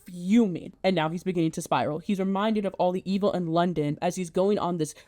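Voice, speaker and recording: A woman's voice: on the low side, brisk, mellow, no echo. A woman giving a casual, chatty plot recap as a video essayist, talking in a loose conversational way.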